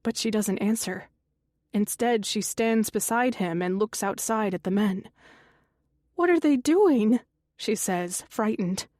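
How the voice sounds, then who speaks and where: Slow, measured woman narrating a thriller. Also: fairly even intonation, darkish tone, no echo, studio quality. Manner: slow, measured reading with lifted pitch for quoted characters. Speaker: audiobook narrator. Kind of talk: scripted narration.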